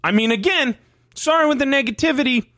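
A man's voice: very high voice, fairly quick, pushed and bright, no echo, clean studio sound. A male podcast host ranting emphatically and swearing, fired up in heated sports talk.

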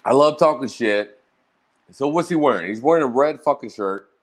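A man's voice: medium pitch, expressive, normal speed. A man telling roast-battle stories in a brash, profane, casual monologue. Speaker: streamer recounting roast battles.

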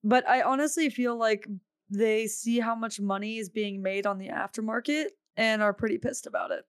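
A woman's voice: a little high, fairly even intonation, moderate pace, clear, resonant tone, no echo, clean studio sound. Teasing woman co-hosting a podcast. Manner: teasing, blunt opinions. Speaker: podcast co-host. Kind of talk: casual gaming podcast chat.

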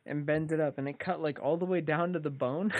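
A man's voice: a little high, fairly even intonation, a little fast, dry recording, narrow, tinny audio. A young man telling a laid-back story as a guest in a casual podcast chat.

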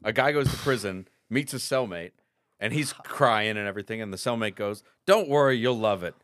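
A man co-hosting a casual podcast, telling crude jokes with dry, deadpan timing. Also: on the low side, brisk, dry recording. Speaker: podcast co-host.

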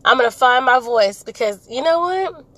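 Her voice is high, animated, bright and forceful, moving at a moderate pace as she hosts her podcast from a car with road noise in the background. The rough, roomless recording captures a candid venting session that is blunt, emphatic, rambling and full of repetition.

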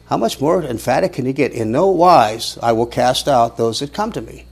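A man's voice: medium pitch, lively intonation, normal speed, hardly any pauses, a little mellow, breathy edge. A man teaching a sermon, reading scripture aloud with rising emphasis and asking rhetorical questions. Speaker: Bible teacher.

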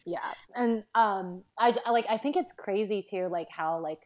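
A woman's voice: medium pitch, moderate pace, darkish tone. A young woman chatting casually as a podcast guest, pregnant and tired, talking with lots of fillers and laughter. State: pregnant, tired and a bit out of breath.

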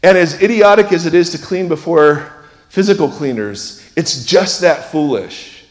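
A man preaching a sermon in a church, conversational and self-deprecating, moving between loud emphasis and hushed asides. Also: fairly high pitch, lively intonation, a little slow, long reverb tail. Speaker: pastor. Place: church sanctuary.

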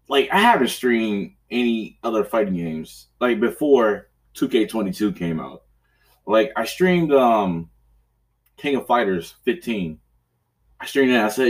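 A man's voice: lowish voice, recorded from a distance. A man hosting a podcast in casual chat, rambling and profane, laughing often and acting out his own outbursts. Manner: acts out his own raging outbursts loudly. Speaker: podcast host.

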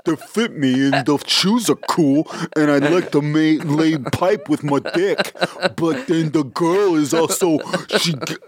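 A man voicing a whiny young male college bro who talks in a high, babyish whine. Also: measured pace, few pauses, no room sound. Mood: whining. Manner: high whining delivery.

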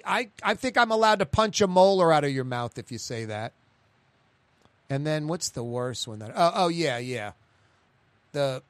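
A man's voice: high-pitched, dry recording. A male radio talk show host, chatting on air in a blunt, ranting way with sarcastic asides.

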